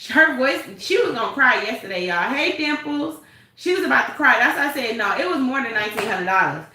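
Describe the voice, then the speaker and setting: A woman's voice: high voice, expressive, a little fast, bright, forceful tone, reverberant, a little hiss or hum, rough recording. A woman hosting a live stream, reading chat and gossiping in a sassy, laughing way. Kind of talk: casual live chat commentary.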